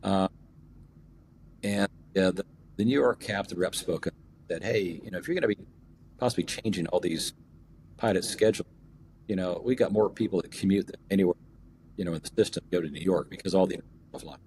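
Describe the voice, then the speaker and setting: A middle-aged man, an airline captain and union rep, telling a long story as a podcast guest and pausing often on fillers and restarts. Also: deep voice, darkish tone, a little hiss or hum. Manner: rambling, many fillers and restarts. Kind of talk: storytelling in an interview.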